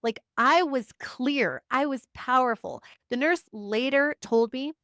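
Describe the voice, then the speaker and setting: A woman's voice: sits high, slow, a bit bright, no room sound, clean studio sound. A woman, a psychic reader, talking casually to camera, stacking short emphatic affirmations and chatty asides. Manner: chatty, frequent "like" fillers. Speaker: psychic reader and spiritual teacher. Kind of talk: casual personal monologue to camera.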